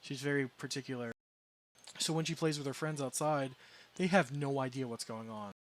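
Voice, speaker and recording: A man's voice: mid-range voice, moderate pace. Rambling, amused man telling a story. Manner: rambling, self-correcting, amused. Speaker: game streamer. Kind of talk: casual storytelling chat.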